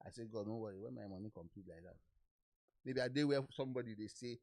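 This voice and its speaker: A man with a Nigerian accent, hosting a podcast and telling lively anecdotes, acting out the people he quotes. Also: fairly low pitch, fast talker, no echo, studio quality. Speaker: podcast host. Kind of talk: casual storytelling chat.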